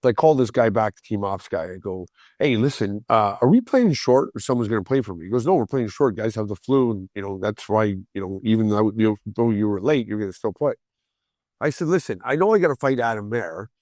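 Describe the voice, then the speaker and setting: A man in his forties tells a story on a podcast with lots of energy. He jumps into the voices of the people in the story and stumbles over his words when he gets excited. The sound is close and dry, with no room around it. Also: on the low side, fairly quick, dry recording. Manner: animated, acts out quoted voices, repeats words when excited. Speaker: guest storyteller.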